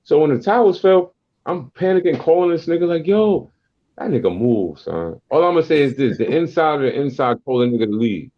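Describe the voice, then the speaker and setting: A man from Queens in his forties with a New York accent, a podcast guest telling stories in a casual, streetwise, animated way. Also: fairly high pitch, quick pace, lo-fi sound. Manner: animated, streetwise storyteller who acts out quotes. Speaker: guest rapper and producer.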